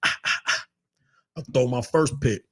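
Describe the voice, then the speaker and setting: A man hosting a casual chat show, telling animated stories and mimicking others in high shouted voices. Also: very slow. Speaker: podcast host.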